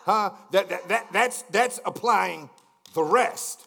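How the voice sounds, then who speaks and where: A preacher man with a bright, somewhat high voice, repeating himself in stammering restarts as he drives his point home. He asks his listeners questions and swings from hushed lines to shouted climaxes. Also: slow, creaky, slightly rough. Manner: repetitive stammering restarts, call-and-response questions. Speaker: pastor. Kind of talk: sermon.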